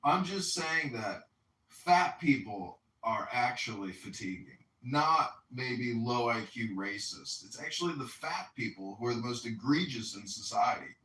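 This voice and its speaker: A man's voice: medium pitch, lively intonation, measured pace, bright, forceful tone, distant mic. A man hosting a livestream, talking in a mocking, condescending way. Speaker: livestream host. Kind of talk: casual livestream chat. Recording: echoey room, off-mic.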